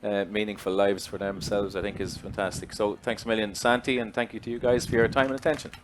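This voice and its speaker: A man's voice: lowish voice, flat delivery, fast, noisy background. A man interviewing a guest on stage, reflective and agreeable, with frequent short affirmations.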